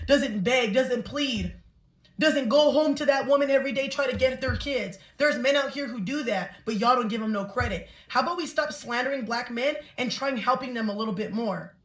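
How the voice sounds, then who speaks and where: A woman's voice: fairly high pitch, fairly bright tone. A woman giving an impassioned, indignant monologue to her viewers. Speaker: social media commenter. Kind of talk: emotional monologue. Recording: roomy echo.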